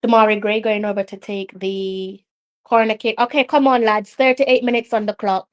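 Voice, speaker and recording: A woman with a Jamaican accent hosting a live football watch-along, excitable and argumentative, often repeating her complaints at the officials. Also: medium pitch, moderate pace. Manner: excitable, argues with the referee, repeats herself.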